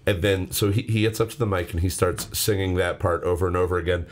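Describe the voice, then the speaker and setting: A man's voice: sits low, steady tone, fast. A man hosting a casual podcast, rambling and swearing as he tells stories. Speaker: podcast host. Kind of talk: casual chat.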